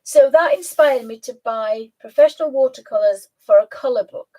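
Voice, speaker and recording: Woman, host, casual live chat, high voice, mellow, coos at pet. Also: normal speed, low-quality recording. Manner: chatty, coos at her pet, laughs often.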